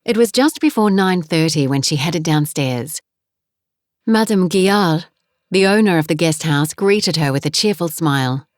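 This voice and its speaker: Low-voiced woman narrating a novel. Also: normal speed, no echo, clean studio sound. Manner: calm, even storytelling. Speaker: audiobook narrator. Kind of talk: scripted narration.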